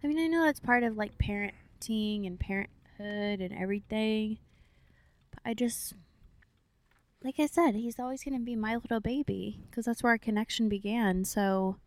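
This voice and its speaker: A woman in her twenties, chatting quietly and teasingly with her husband in a car. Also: mid-range voice, moderate pace. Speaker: vlogger, mother. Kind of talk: casual chat in a car.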